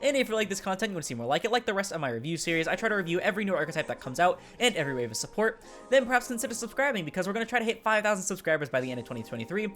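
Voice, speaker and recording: Guy with a sick scuffed voice rambling fast about a card deck, kinda high, soft music behind. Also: very animated. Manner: fast, rambling, with fillers and swearing. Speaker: YouTube card game reviewer. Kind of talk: casual review talk. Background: faint background music.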